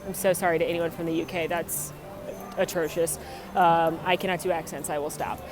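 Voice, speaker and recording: A woman's voice: lowish voice, little pitch movement, a little fast, music in the background. A young woman hosting a chatty, upbeat theme park tour vlog outdoors, full of trivia. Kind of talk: casual walking tour vlog.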